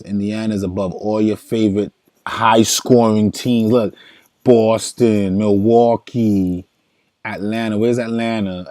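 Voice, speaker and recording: A man with a deep, mellow New voice runs through fantasy basketball picks on a livestream. He talks in loose slang, muttering his thoughts aloud and turning to chat with viewers. The sound is close and dry. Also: no room sound. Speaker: fantasy sports streamer.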